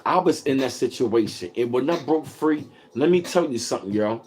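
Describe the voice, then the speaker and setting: A man's voice: medium pitch, animated, normal speed, a little mellow, soft background music. A man hosting a casual livestream, talking emphatically and repetitively with heavy swearing, greeting chat viewers by name. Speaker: livestream host reading chat.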